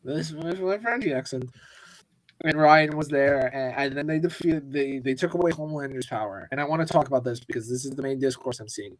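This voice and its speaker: Talking a little fast in a medium-pitched voice, a man co-hosts a laid-back pop-culture podcast. He rants and swears a lot.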